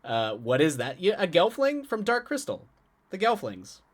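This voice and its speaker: A man's voice: high voice, wildly swooping pitch. Chatty man rambling on a live stream. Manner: rambling, halting, with frequent restarts and chuckles; answers chat directly, playful. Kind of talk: casual stream chat and reading a story aloud.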